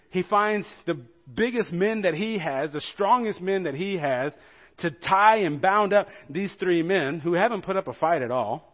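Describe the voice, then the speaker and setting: A man preaching a sermon as pastor, telling the story with animated rhetorical questions to the congregation. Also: fairly high pitch, normal speed, dull audio.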